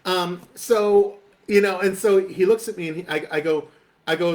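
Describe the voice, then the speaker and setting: A man telling a funny story on a casual talk show, animated and laughing often as he mimics the people involved. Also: high-pitched, moderate pace. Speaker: co-host. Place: studio.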